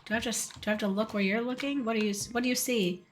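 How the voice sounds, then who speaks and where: A woman's voice: fairly high pitch, fairly even intonation, rapid-fire, faint music behind. A woman streaming a game live, chatty and joking as she talks to her chat. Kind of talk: casual live game commentary.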